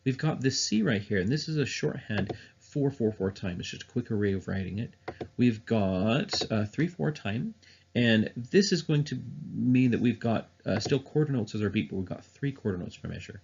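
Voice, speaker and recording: A man's voice: mid-range voice, gravelly, a little mellow, highs cut off, slight background noise. A man teaching music theory in a recorded online lesson, explaining step by step with frequent "uh" and "um" fillers.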